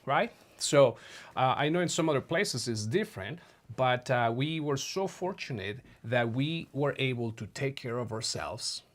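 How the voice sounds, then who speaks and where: A middle-aged man from Mexico speaks to his viewers like old friends, loose and conversational. His voice sits at an ordinary middle pitch, and he keeps his story moving with easy fillers. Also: expressive, unhurried. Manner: chatty, addresses viewers as friends, many fillers. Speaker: vlogger. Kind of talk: casual storytelling to camera.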